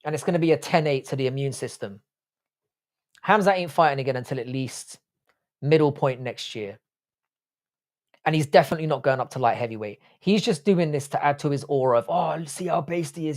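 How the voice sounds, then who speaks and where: A man's voice: on the high side, a little mellow. A young man, Irish-born and London-raised, hosts a casual livestream. He talks bluntly and swears freely while reacting to viewers' comments. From Ireland. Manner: blunt, profane, chatty. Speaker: livestream host. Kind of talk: casual live chat reading comments.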